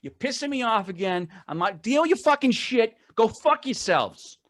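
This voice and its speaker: A man's voice: very high-pitched, sing-song, moderate pace, fairly bright tone, voice pushed up, full character voice. A man putting on a Boston accent to play a foul-mouthed, furious Boston man in a profane rant.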